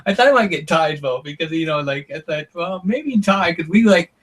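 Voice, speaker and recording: A man's voice: on the high side, expressive, a little fast, fairly bright tone, poor audio. A man telling long stories as an interview guest, rambling with lots of "like" and "you know". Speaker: interview guest, former reality show contestant. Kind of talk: casual interview storytelling.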